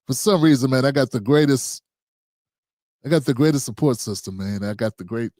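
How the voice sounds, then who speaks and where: A man in his fifties hosts his own talk show, rambling from joke to aside in loose, slangy speech. His voice sits a touch high for a man. The sound is close and dry, with no room in it. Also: dry recording. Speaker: host. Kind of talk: casual political talk show monologue.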